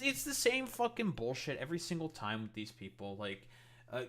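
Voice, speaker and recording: A man's voice: fairly low pitch, a bit bright. A man streaming casual commentary, exasperated and profane as he mocks what he reads.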